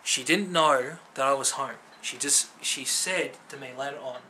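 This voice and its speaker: A man's voice: mid-range voice, moderate pace, background noise. A man telling a personal testimony to camera, earnest and conversational, full of fillers and asking "right?" after his points. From Filipino family background. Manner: earnest, conversational, many fillers and tag questions. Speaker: vlogger.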